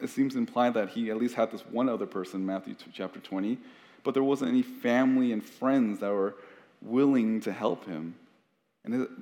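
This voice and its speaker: Preaching from the pulpit, this pastor speaks in a somewhat low, mildly mellow voice. His tone is sincere and chatty, his sentences often begin again, and a long hall echo trails behind.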